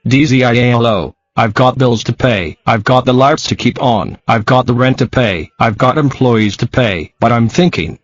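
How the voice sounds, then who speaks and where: A man reading a true-crime podcast transcript aloud, speaker names and spelled-out letters included, in a flat, even delivery. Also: mid-range voice, no echo, muffled recording.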